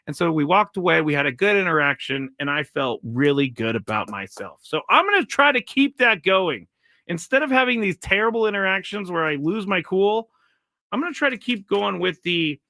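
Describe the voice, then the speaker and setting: A man's voice: high-pitched, big pitch swings, fairly quick, creaky, bright, forceful tone, dry recording. A man hosting his own live show, telling a rambling story and reading out viewer comments. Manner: rambling, self-correcting storytelling; reads viewer chat comments aloud. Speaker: show host. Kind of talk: casual live-stream monologue.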